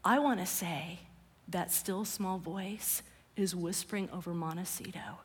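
Slow, breathy woman preaching in a reverberant hall. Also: on the low side, steady tone. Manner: conversational, drops to a whisper for emphasis. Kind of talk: sermon.

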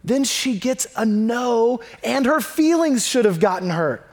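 A man preaching a sermon in a conversational, emphatic way, dropping low and quiet when he reads scripture. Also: lively intonation, a little slow.

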